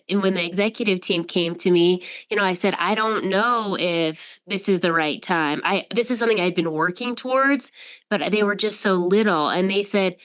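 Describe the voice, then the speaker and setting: A woman's voice: on the low side, clean tone. A woman in her forties, a company CEO, speaking reflectively in a casual chat. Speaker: CEO and former legal counsel.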